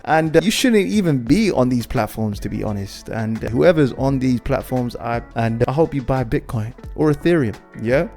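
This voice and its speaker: A man hosting his own channel, commenting on the week's crypto news in a loose, repetitive way and often addressing viewers as "guys". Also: medium pitch. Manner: animated, repeats himself, keeps saying "guys".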